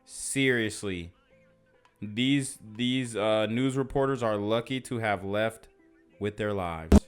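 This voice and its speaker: A man's voice: lowish voice, steady tone, takes it slowly, darkish tone, smooth, faint music behind. A man hosting a casual reaction commentary, blunt and slangy as he talks over news clips. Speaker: commentary channel host.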